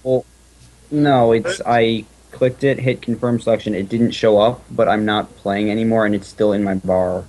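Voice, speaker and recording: A man's voice: on the low side, steady tone, moderate pace, a little mellow, low-quality recording. A man playing an online card game with friends, reading cards and explaining a glitch in casual chat.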